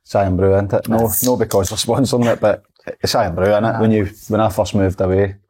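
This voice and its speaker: A Scottish man co-hosting a podcast, arguing his football opinions and thinking out loud. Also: lowish voice, steady tone, a little fast, slight background noise. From Scotland. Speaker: podcast co-host. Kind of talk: casual football chat.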